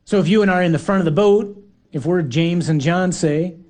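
A man's voice: high-pitched, a little fast, a little mellow. A man preaching a sermon in an earnest, emphatic way, sometimes acting out quoted voices.

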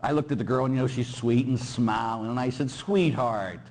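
A man's voice: medium pitch, fast talker. A middle-aged man, a Catholic priest, preaching a sermon and telling stories animatedly. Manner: animated storyteller, acts out quoted voices.

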